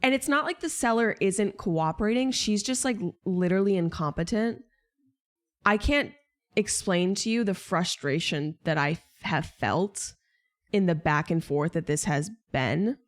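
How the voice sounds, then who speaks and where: A woman's voice: fairly low pitch, animated, moderate pace. A young woman streamer venting to her viewers in casual chat, exasperated, swearing and rambling.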